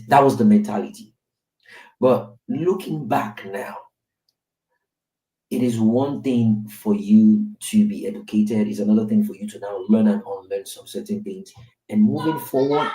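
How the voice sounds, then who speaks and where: A man's voice: fairly low pitch, warm tone. A Nigerian man, a father in his thirties, telling his own story in candid podcast talk and often checking in with "right?". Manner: candid storytelling with tag questions. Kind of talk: reflective casual podcast talk. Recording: roomy, distant mic.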